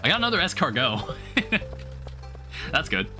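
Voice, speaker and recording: A young man talks casually on a live stream as he games, rambling and thinking aloud with constant filler words. His voice sits a bit high, very bright and lively, and it swings up and down a lot. Quiet game music plays in the background. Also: normal speed. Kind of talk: casual live-stream chat while gaming. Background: faint game music.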